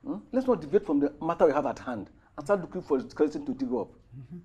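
A calm male relative with a Nigerian English accent who soothes a family quarrel and urges reason. His voice is very husky, dark and a little high. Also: fast, muffled recording. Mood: soothing. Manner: soothing and persuasive. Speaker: actor. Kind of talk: film drama acting.

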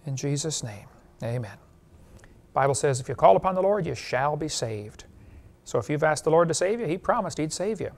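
Preacher guy, kinda high voice, folksy and jokey, laughs at his own lines. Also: expressive, fairly quick. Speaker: evangelist preacher. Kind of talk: sermon with jokes and altar call.

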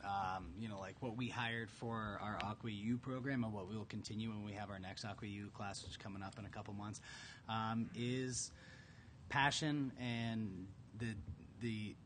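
A man working as a recruiter, answering on a conference panel with many restarts and pauses. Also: lowish voice, fairly even intonation, a little hiss or hum. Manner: hesitant, many restarts and fillers.

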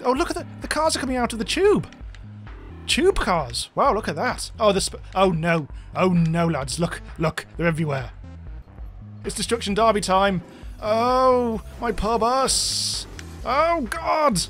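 A man giving excitable, exclamatory commentary over a game, yelping and swearing at what happens on screen. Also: sits high, unhurried, faint music behind. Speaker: gameplay video host.

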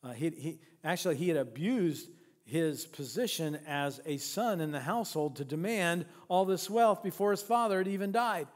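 A man's voice: fairly high pitch, moderate pace, in a large hall. A pastor preaching a sermon in a church. He retells a parable, poses rhetorical questions and often restarts his sentences. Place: church sanctuary.

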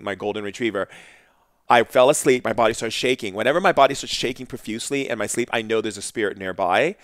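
A man telling a spiritual story as a podcast guest, intense and animated, dropping his voice soft for quotes. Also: on the low side, no room sound, studio quality. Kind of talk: storytelling in conversation.

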